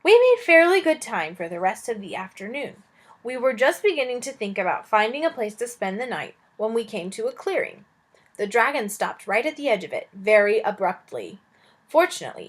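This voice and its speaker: A woman teacher reads a children's novel aloud, stopping now and then to chat with her listeners. Her reading is expressive, and her pitch rises and falls in a lively way. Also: fairly quick. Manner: expressive, with chatty asides to listeners.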